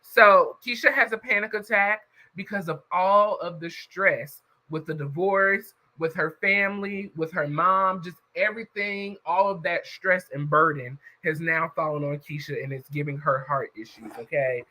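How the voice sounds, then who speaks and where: A man's voice: fairly high pitch, normal speed, few pauses, bright, forceful tone, rough recording. A man casually recapping a story for his viewers, chatty and talking straight to the audience. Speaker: YouTube reviewer.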